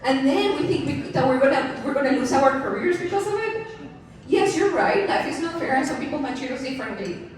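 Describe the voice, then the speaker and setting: Her voice sits high, very animated and fairly quick. She's a keynote speaker in her thirties telling candid personal stories to an event crowd at a large venue, laughing frequently and adding asides. The recording comes from a far-off, echoey hall mic.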